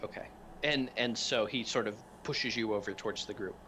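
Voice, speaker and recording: A man's voice: lowish voice, moderate pace, bright, forceful tone, a little hiss or hum. A man narrating as game master of a tabletop role-playing game, with frequent fillers and restarts. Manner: hesitant with many fillers and restarts.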